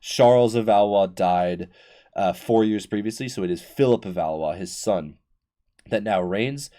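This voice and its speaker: A young man casually retelling a book series on his podcast, excited and rambling, with lots of fillers and restarts. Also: fairly low pitch, unhurried. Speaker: podcast host. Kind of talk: casual history chat.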